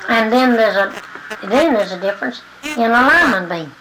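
A woman's voice: fairly high pitch, expressive, moderate pace, fairly bright tone, poor audio. A woman answering interview questions in a plain-spoken, hesitant way, with restarts. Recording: hissy old tape recording.

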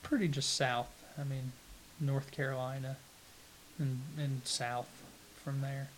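A man with a Southern US accent, answering interview questions in an unhurried, plain-spoken way with halting restarts. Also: medium pitch, little pitch movement, slight background noise. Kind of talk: casual interview conversation.

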